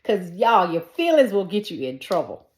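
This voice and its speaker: A woman's voice: mid-range voice, sing-song, normal speed, darkish tone. A middle-aged woman telling a personal faith testimony, earnest and conversational, speaking straight to her listeners. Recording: echoey room.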